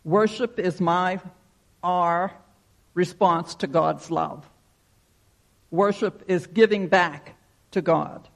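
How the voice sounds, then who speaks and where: A man's voice: sits high, steady tone, slow pace, gravelly, long pauses. A man preaching a sermon, telling a folksy story and leading a prayer. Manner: folksy storytelling, acts out shouted quotes. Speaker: pastor.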